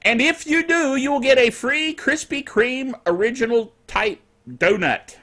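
A man's voice: extremely high pitch, measured pace, bright, forceful tone. A middle-aged man hosting his own netcast in a casual, jokey way, with playful asides. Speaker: podcast host. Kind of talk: casual solo netcast chat.

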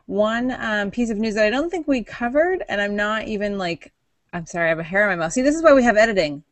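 A woman's voice: medium pitch, animated, fast, dry recording. Giggly woman co-hosting a tech podcast. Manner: giggly, chatty, self-interrupting. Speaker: podcast co-host. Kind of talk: casual tech podcast chat.

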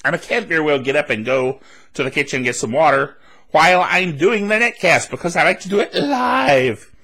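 A man's voice: on the high side, animated, fairly quick, pushed and bright. A man hosting a solo tech news podcast, chatty and rambling with laughs and asides, his throat a little dry. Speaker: podcast host.

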